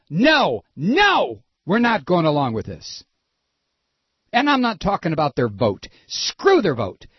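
A man hosting a talk radio show, ranting heatedly and sarcastically about politics with a husky voice. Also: high voice, no room sound, lo-fi sound. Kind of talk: impassioned political radio monologue.

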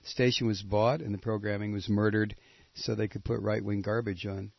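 A man hosting a call-in talk radio show, blunt and joking, wrapping up calls briskly. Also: fairly low pitch, level tone, creaky, no echo. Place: radio studio. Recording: dull lo-fi radio broadcast.

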